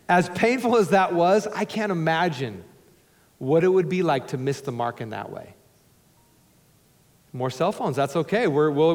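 Emphatic preacher with a higher voice. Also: male voice. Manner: emphatic, swings between loud urging and hushed low tones; conversational, joking asides. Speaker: pastor. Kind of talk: sermon. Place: church sanctuary before a congregation. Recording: long hall reverb in a church.

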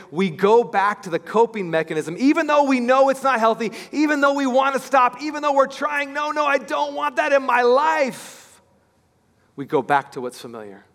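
A man preaching an Easter sermon as pastor, telling the story with lively acted-out voices and swinging between hushed and loud. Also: high voice, in a large hall.

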